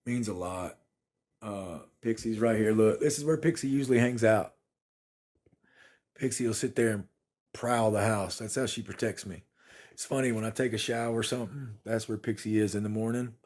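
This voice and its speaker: A man's voice: fairly low pitch, moderate pace, darkish tone. A man, chatting casually on a phone livestream from his apartment and thanking viewers by name. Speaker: livestream host.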